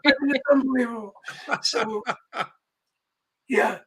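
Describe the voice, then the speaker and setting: A man's voice: very high voice, steady tone, measured pace, a bit bright, low-quality recording. Rambling storytelling man. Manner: rambling, many restarts and quoted voices. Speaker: music manager telling a story. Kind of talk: casual anecdote on a podcast.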